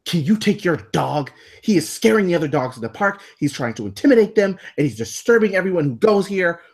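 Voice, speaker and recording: A woman's voice: on the low side, big pitch swings, a little fast, a little mellow, slightly rough, voice pushed up, full character voice. A man voicing a prim, uptight small woman who scolds a stranger in a stiff, overly polite way. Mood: indignant.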